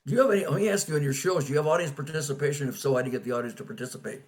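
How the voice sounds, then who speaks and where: A man's voice: on the high side, very fast. A man hosting an interview, asking questions and summing up his guest's answers. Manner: asks follow-up questions, sums up answers. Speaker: interview host.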